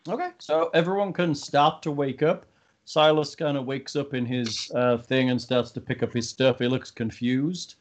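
A man's voice: mid-range voice, steady tone, normal speed. A man as game master, describing the scene and questioning the players in a tabletop game.

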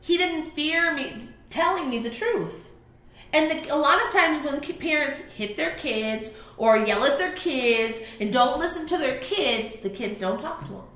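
A woman co-hosting a casual talk show, an animated storyteller who laughs often while she talks. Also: high voice, a little slow, roomy sound. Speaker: podcast co-host, parent. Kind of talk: casual chat.

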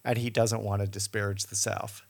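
A man's voice: lowish voice, flat delivery, creaky, husky, no room sound, studio quality. A man co-hosting a casual podcast chat, telling side stories and often chiming in to agree. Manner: tangential storyteller, quick agreeing interjections. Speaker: podcast co-host. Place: Portland.

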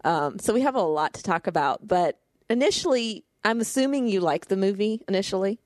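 A woman's voice: medium pitch, lively intonation, fairly quick, no echo, studio quality. A woman co-hosting a casual film review chat, talking in a chatty way with frequent laughs and restarts. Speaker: podcast co-host.

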